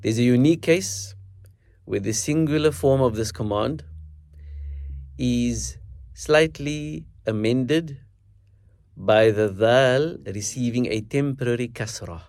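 A man teaching a recitation lesson, explaining stress in measured, deliberate phrases and slowing down to demonstrate words. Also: mid-range voice, darkish tone, no room sound, studio quality. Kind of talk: instructional lesson with recited verses.

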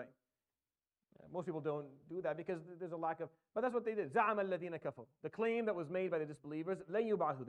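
A man with a fairly high-pitched voice, recorded with dull audio, teaches a Quran tafsir lesson. He explains Arabic grammar step by step and recites verses, with frequent fillers and restarts.

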